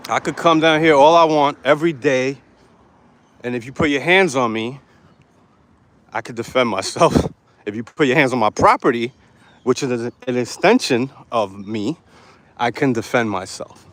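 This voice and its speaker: A man with a mid-range voice, moderate pace and fairly bright tone live-streams from a handheld phone while walking city sidewalks, taking long pauses. There's no echo, just faint outdoor street noise and traffic ambience. Hot and sweating, the street vlogger addresses the camera in a brash, defiant, profane way.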